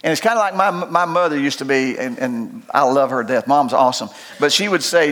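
An older pastor preaches in a folksy, joking way. His voice sits high for a man. He rises into loud preaching and drops into quiet asides. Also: animated, fast, hardly any pauses. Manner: folksy and humorous, swings between loud preaching and low asides. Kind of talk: sermon.

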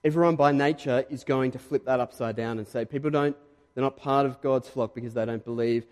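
A man with an Australian accent preaching a sermon in a conversational, emphatic way, pushing louder on key points. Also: medium pitch, fairly even intonation, a little fast, long reverb tail. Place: church hall.

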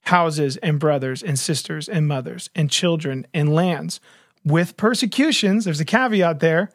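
A man's voice: on the high side, unhurried, dry recording, clean studio sound. A man talking earnestly in a casual faith discussion, retelling a story with lots of fillers and restarts.

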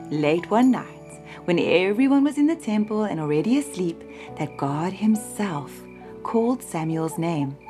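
Expressive woman telling children's stories. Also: mid-range voice. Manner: warm, expressive, gentle. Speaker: storyteller. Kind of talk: children's Bible storytelling.

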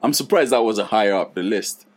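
A British man co-hosting a podcast, chatting in a relaxed way and now and then putting on mock voices. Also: fairly low pitch, fairly quick. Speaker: podcast co-host. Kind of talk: casual chat.

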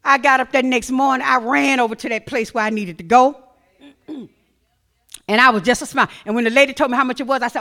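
High, bright-voiced woman minister testifying. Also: quick pace. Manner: animated storytelling, breaks into shouting praise. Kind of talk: testimony sermon at a seminar.

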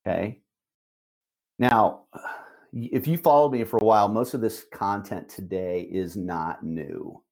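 A middle-aged man, a managing broker, giving an emphatic motivational talk on a call, repeating key phrases with slow, deliberate stress. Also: lowish voice, vocal fry, darkish tone.

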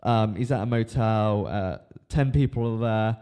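A man's voice: fairly low pitch, measured pace, dark tone, smooth. Rambling, laughing man hosting a podcast. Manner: rambling, laughing, swearing, lots of ums. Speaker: podcast host. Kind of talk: casual podcast chat.

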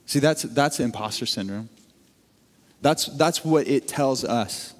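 Animated man preaching in a reverberant hall. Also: medium pitch, takes it slowly. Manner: conversational, animated storytelling with frequent restarts. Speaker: pastor. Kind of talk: sermon.

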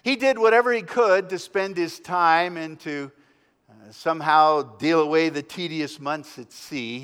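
A male pastor preaching a sermon as a story, dramatic, swinging between loud and hushed. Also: on the high side, in a large hall. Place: church.

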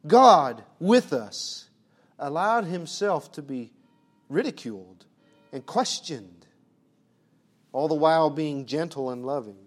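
A man preaching a sermon, asking rhetorical questions and swinging between hushed, soft passages and loud, emphatic ones. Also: fairly high pitch, expressive, slow, long pauses, soft background music.

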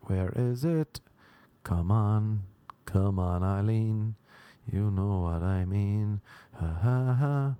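A man's voice: fairly low pitch, takes it slowly, dark tone, smooth. A young man doing a stand-up monologue, rambling and mocking, often slipping into silly put-on voices. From Ireland. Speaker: stand-up comedian. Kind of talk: comedic monologue.

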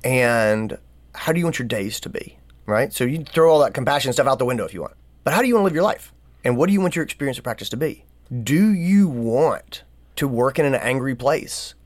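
A man's voice: mid-range voice, lively intonation, a little fast, no room sound. A man co-hosting a podcast, giving earnest advice in casual talk, full of rhetorical questions and small stories. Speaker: podcast co-host.

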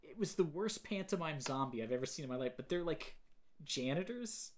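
A man hosting a podcast, casually retelling movie scenes in an animated way and quoting lines. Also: fairly high pitch, a little fast, slight background noise. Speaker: podcast host. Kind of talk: casual chat.

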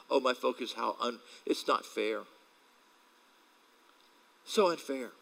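A man preaching a sermon in a lively, storytelling way, slipping into quoted voices and chuckling between points. His voice sits at a middle pitch for a man, and his delivery swings from loud punchlines to quieter asides. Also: a little slow, vocal fry, long pauses, rough recording. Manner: animated storytelling with laughs and acted quotes. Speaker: pastor.

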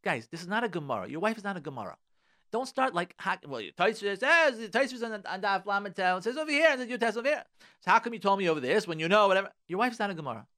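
A man's voice: high-pitched, animated, fast, sharp tone. A man hosting a radio advice show from a studio, talking emphatically, repeating his key phrases and mixing Hebrew prayer words into his English. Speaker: radio show host giving relationship advice.

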